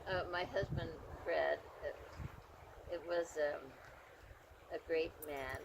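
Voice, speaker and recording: A woman guest in a casual interview, speaking gently with frequent fillers and pauses. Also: sits low, fairly even intonation, gravelly, noisy background.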